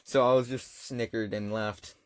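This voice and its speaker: A man's voice: on the low side, steady tone, moderate pace, clean tone, dry recording, studio quality. A young man casually telling a personal story over gameplay, rambling and slangy with lots of fillers. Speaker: gaming channel storyteller.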